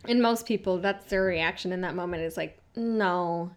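A woman's voice: fairly low pitch, normal speed. A young adult woman co-hosting a casual podcast, recapping reality TV bluntly, swearing freely and laughing often. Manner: candid, profane, laughs often, quotes people in small voices. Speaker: podcast co-host.

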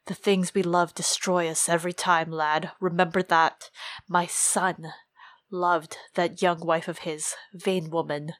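Woman doing a low rumbling old commander. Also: little pitch movement, a little slow, a bit bright, no room sound. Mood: grave. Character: gruff old male military commander.

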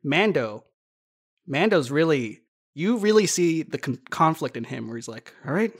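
A woman co-hosting a casual podcast chat, animated and laughing often as a self-described nerd. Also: low voice, a little slow, breathy edge. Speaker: podcast co-host.

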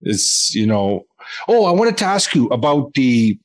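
A man's voice: mid-range voice, big pitch swings, measured pace. Loose, rambling male interview host. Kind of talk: interview conversation.

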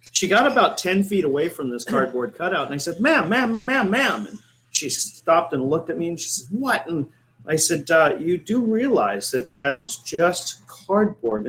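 A man's voice: a little high, a bit bright, low-quality recording. A middle-aged man, a coffee shop owner, telling a rambling anecdote in casual chat, with many fillers and restarts.

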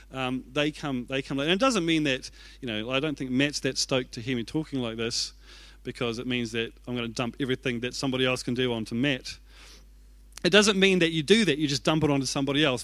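A man's voice: mid-range voice, fairly bright tone, no room sound. A young man preaching a sermon as an executive pastor, telling stories in a chatty, self-deprecating way. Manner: conversational, self-deprecating storytelling.

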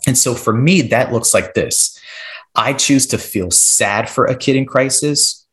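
Man, podcast guest, lower voice, explanatory coaching delivery with rhetorical check-ins. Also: a bit bright. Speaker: podcast guest, classroom behavior expert.

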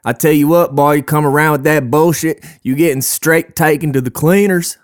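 A man's voice: on the high side, steady tone, moderate pace, no room sound, studio quality, close to an everyday voice. A man putting on a drawling Southern tough guy. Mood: threatening. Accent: put-on Southern US. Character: tough man threatening a rival.

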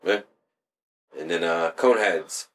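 A man's voice: low-pitched, measured pace, fairly bright tone. A young man in casual chat with a friend, rambling through scenes from films and shows with lots of swearing. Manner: rambling, profane storytelling that acts out quotes.

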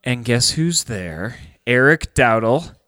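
A man's voice: mid-range voice, animated, slow pace, bright, forceful tone, no room sound. A man co-hosting a podcast, chatting casually in a rambling way with lots of fillers. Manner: rambling, filler-heavy, enthusiastic. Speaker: podcast co-host.

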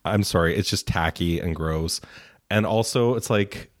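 A man's voice: sits low, unhurried, no room sound, clean studio sound. A man co-hosting a casual chat, snarky and ranting, swearing freely. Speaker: podcast co-host.

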